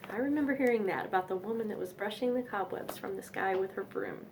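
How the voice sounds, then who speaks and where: A woman's voice: medium pitch, fast, creaky, background noise. A young woman reading nursery rhymes aloud in a sing-song manner, with chatty asides between poems.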